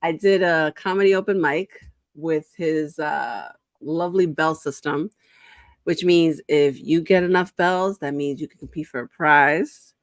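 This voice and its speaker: A woman's voice: sits low, measured pace, no room sound. Woman host with a dry, close sound. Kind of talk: interview hosting.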